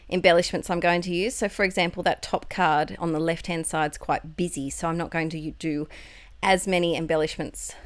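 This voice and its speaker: An Australian woman talks through her craft project in a relaxed, rambling voiceover. Her voice sits a little low for a woman. She often stops to correct herself and fills the gaps with small laughs. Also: no room sound. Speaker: craft video creator. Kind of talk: casual voiceover narration. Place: home, recorded at night.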